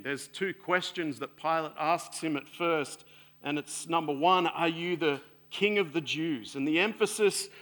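A man preaching a sermon in an earnest way, swelling louder and then sinking soft and low.

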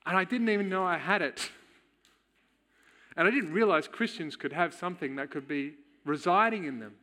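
Bright-voiced man telling his testimony. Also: high voice. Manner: candid, storytelling, quick chuckles. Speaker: church speaker. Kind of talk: personal testimony in a sermon.

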